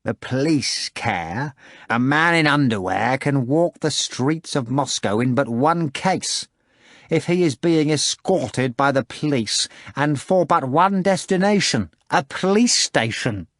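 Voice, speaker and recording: A man's voice: medium pitch, expressive, unhurried, no room sound, studio quality, lightly acted. A man voicing a stern restaurant boss who barks orders and scolds a doorman. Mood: scolding. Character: commanding restaurant manager posing as a stern pirate-like boss.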